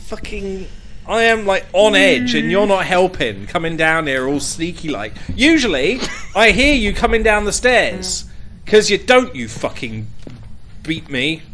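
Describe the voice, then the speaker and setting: A man's voice: high voice, very animated, unhurried, pushed and bright, slight background noise. A young man streaming a horror game, muttering to himself, jumpy and swearing often. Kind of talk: casual gaming commentary.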